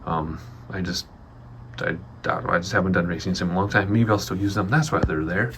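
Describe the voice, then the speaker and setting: A man's voice: low-pitched, steady tone, fast, a bit bright, a little hiss or hum. A man giving a chatty, rambling tour of his home office studio, a little out of breath. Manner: rambling, chatty, frequent ums. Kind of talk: casual walkthrough vlog.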